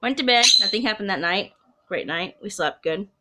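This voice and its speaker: A woman's voice: medium pitch, animated, normal speed, bright, forceful tone. A woman telling her own ghost story to camera in a casual, chatty way, rambling with asides and restarts. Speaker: storyteller of personal ghost stories.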